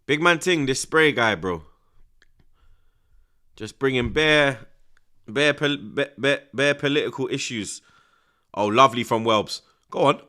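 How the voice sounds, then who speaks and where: A young man giving excitable, slang-heavy live commentary on a football match, dropping to hushed mutters and bursting into loud outbursts. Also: medium pitch, slow pace, long pauses. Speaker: football watch-along streamer.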